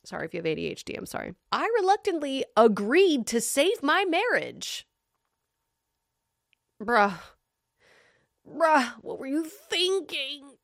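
A young woman with a fairly high, very lively voice that swings up and down as she reacts to stories on a live stream. She reads aloud, then bursts into expressive, exaggerated commentary. The sound is close and dry, with no room around it. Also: creaky, no room sound. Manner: animated and expressive, quick laughs and exaggerated reactions.

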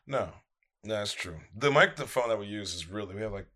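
Male co-host, very low voice, loose rambling delivery. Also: lively intonation, a little fast, pushed and bright. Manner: rambling, searches for words. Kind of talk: casual podcast chat.

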